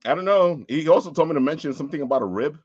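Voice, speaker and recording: A playful man hosts a casual talk show, often stumbling over his words and laughing. His voice rises and falls with lively energy. The audio is dry and somewhat dull, like a lo-fi recording. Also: on the high side, racing, husky, no room sound. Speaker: host. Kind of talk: casual chat.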